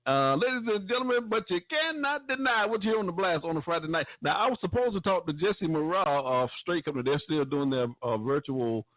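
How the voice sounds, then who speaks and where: A man's voice: fairly high pitch, lively intonation, a little fast, few pauses, dry recording. A man hosting a gospel radio show, signing off in a folksy, preacher-like cadence. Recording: dry, phone-like.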